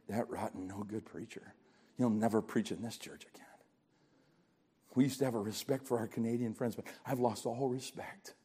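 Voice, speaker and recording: An older man preaching a sermon in a church, telling a story dramatically and swinging from hushed tones to shouting. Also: medium pitch, husky. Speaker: pastor. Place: church sanctuary.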